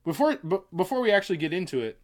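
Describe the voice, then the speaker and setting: A man with a fairly high-set voice hosts a casual movie podcast. He keeps the banter animated and jokey, teasing his co-host between topics. He also slips into slower, earnest stretches when explaining the show's purpose.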